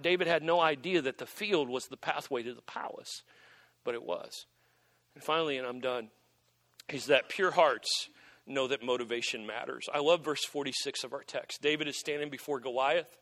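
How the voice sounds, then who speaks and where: A man preaching a sermon in an animated, joking way, often restarting his sentences. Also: medium pitch, moderate pace. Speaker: pastor.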